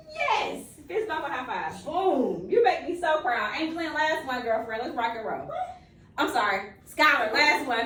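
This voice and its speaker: A high, lively woman teacher coaxes young children through a lesson with playful encouragement. Her voice swoops up and down as she praises and questions. The sound is roomy and picked up from across the classroom. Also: distant mic, a little hiss or hum.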